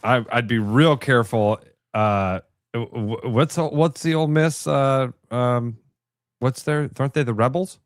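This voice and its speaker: A man's voice: mid-range voice, unhurried, dry recording, clean studio sound. Blunt, sarcastic male sports radio co-host. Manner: blunt, sarcastic, profane pushback. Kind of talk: sports talk radio commentary.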